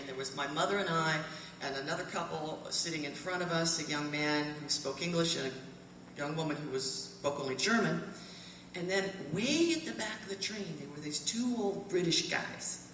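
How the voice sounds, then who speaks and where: A woman in her fifties tells a funny story live to an audience, animated and quick to laugh. Her voice is low but swings widely in pitch. She is picked up from far off in an echoey hall. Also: slight background noise. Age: 50s. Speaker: alumni storyteller. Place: fellowship hall.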